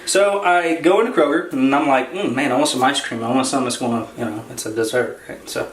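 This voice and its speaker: A man co-hosting a casual grocery haul vlog, talking in a relaxed, rambling way with lots of fillers. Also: mid-range voice, fast. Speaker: vlog co-host. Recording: roomy echo, faint noise.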